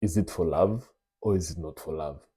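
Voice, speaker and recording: Deep-voiced man telling a story. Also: normal speed, breathy edge. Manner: animated, confiding, addresses listeners as brothers. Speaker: vlog host. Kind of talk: casual storytelling monologue.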